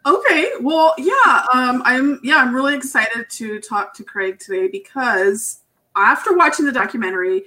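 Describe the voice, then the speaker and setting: A woman's voice: sits high, animated, normal speed. A woman co-hosting a podcast, chatting casually and asking long, rambling questions over a video call. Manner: warm, laughing, rambling questions. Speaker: podcast co-host. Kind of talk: casual chat.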